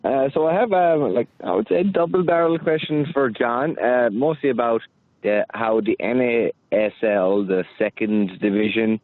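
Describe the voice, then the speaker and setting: A man's voice: mid-range voice, moderate pace, no echo. A man calling in to a radio phone-in to ask a question, talking hesitantly and with a rising lilt at the ends of his sentences. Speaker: caller. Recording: tinny phone line.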